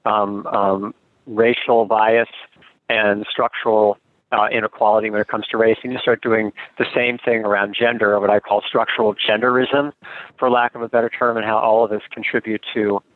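A man's voice: on the low side, level tone, moderate pace, no room sound. A middle-aged man speaking as a guest expert in an interview, earnest and thoughtful, often restarting his sentences. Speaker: guest expert on gender norms. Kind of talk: conversational interview over a remote call. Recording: tinny phone-line sound, dry.

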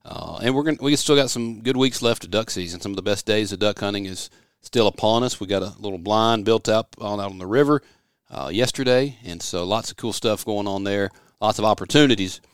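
Speaking fairly low and a little fast, this middle-aged man's tone is clean, and there's no echo. He's a West Tennessee podcast host in a studio office, folksy and rambling as he tells stories in casual chat.

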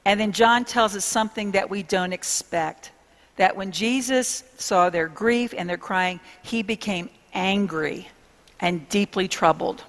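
A woman preaching a sermon, speaking to her listeners in an earnest, intimate way with hushed pauses. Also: mid-range voice, long reverb tail.

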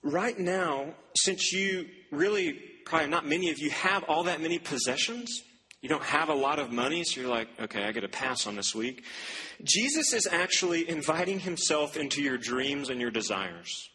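A man's voice: a little high, animated, moderate pace, pushed and bright, a little hiss or hum. A young man preaching a sermon to students, telling a story in a loose, chatty way with asides and laughs. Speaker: campus preacher. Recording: long hall reverb, faint ambience.

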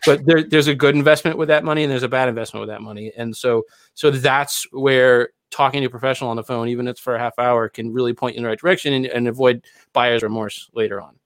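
A man's voice: medium pitch, steady tone, quick pace. A male podcast host who talks his point through in an earnest, lecturing way. His voice sits in a middle register and sounds close and dry, with no room echo. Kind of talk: casual podcast chat.

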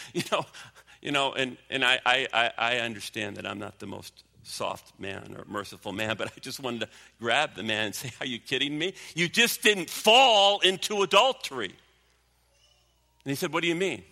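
A man preaching a sermon as pastor, emphatic, sinking low and quiet for stories. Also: animated, moderate pace, creaky, long reverb tail. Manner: emphatic preaching, drops low and quiet when telling a story.

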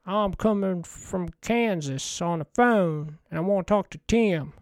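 A man putting on the voice of a nervous male caller who is worried about his stocks and speaks haltingly. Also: sits high, no echo, clean studio sound. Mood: anxious.

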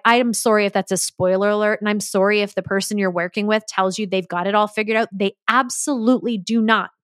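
A woman's voice: mid-range voice, a bit bright, no echo, clean studio sound. Earnest woman hosting a solo podcast. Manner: earnest, emphatic, acts out quoted dialogue. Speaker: podcast host and business mentor.

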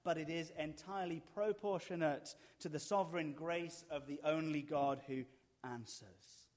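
A man preaching a sermon, animated and wryly humorous, hammering points home with repetition. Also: on the high side.

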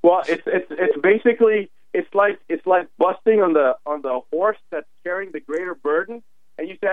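A man's voice: high-pitched, normal speed, no echo. A man calling in as a regular guest doctor on a radio show, joking and playfully arguing his point in casual chat. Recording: phone line.

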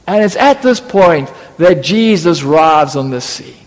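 A man's voice: on the high side, lively intonation, a little slow. A man preaching a sermon, acting out biblical voices with humorous asides. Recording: long reverb of a church hall.

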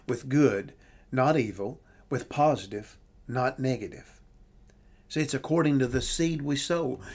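A man preaching a sermon, reading scripture aloud and repeating phrases with slow, deliberate emphasis. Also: fairly high pitch.

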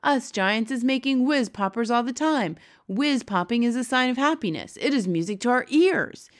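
A woman's voice: a little high, animated, normal speed, pitched above the performer's own voice, lightly acted. A woman voicing a big, kindly old male giant who talks in mangled, made-up words and broken grammar. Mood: jolly.

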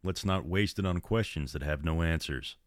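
Melancholy ghost lady from a portrait, soft and sultry, voiced by a male storyteller, low, dry. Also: moderate pace, no room sound, close to an everyday voice. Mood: sad, urgent. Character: sad ghostly woman from an old painting. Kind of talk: storytelling reading.

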